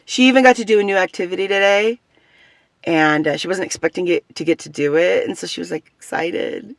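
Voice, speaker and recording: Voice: medium pitch, brisk, vocal fry, dry recording. A vlogger talking casually to camera, rambling and chatty, often trailing off and starting sentences over. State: has facial tics. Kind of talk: casual personal vlog.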